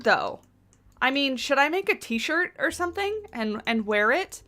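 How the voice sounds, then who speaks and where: A woman's voice: high voice, sing-song, a little slow, bright, forceful tone. A woman livestreaming a game build at home, chatting loosely with her viewers and rambling as she works. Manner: chatty, rambling, talks to chat readers. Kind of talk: casual chat while building in a game. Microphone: USB desktop mic on boom arm.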